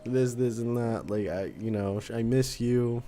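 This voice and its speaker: A man's voice: medium pitch, fairly even intonation, measured pace, mellow, faint music behind, pitched above the performer's own voice, close to an everyday voice. A man putting on his mother's voice, an emotional, gushing middle-aged woman.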